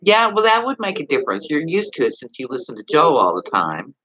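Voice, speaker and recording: A man's voice: on the high side, huge pitch swings, brisk, pushed and bright, no echo, highs cut off. Texan man rambling on a livestream. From Texas. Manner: rambling, talks straight to viewers with many questions. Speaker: livestream host. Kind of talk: casual livestream chat.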